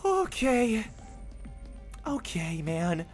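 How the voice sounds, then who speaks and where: A streamer giving let's play commentary with jumpy, excitable reactions while reading a story game aloud. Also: mid-range voice, extremely slow, faint music behind.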